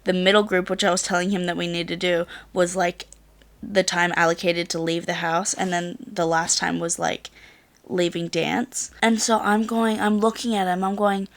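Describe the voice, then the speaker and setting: A woman's voice: lowish voice, little pitch movement, moderate pace. A young woman in her late teens chatting casually to camera as a vlogger, rambling through a story with lots of "like" and the odd swear. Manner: rambling storyteller, filler-heavy with frequent "like", swears.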